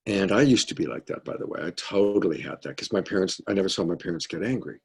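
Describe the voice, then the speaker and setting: Husky low-voiced man coaching on a call. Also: lively intonation, fast. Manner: conversational, earnest, trails off into quiet asides. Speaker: love coach leading a mentorship group. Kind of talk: casual teaching on a video call.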